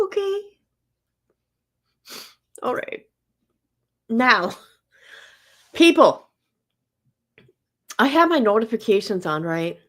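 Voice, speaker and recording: A woman chats to her livestream viewers in a loose, casual way, circling back to the same phrases. Her voice sits a little high, and she takes her time, drawing her words out slowly. It is close, direct talk, like a streamer at her desk mic. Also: very animated, fairly bright tone. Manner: chatty, talks straight to viewers, repeats herself. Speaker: livestream host.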